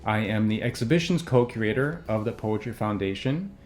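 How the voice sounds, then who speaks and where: A man from a poetry organization giving a calm, measured, formal introduction of a poet. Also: fairly low pitch, soft background music. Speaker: event host introducing a poet. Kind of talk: scripted introduction.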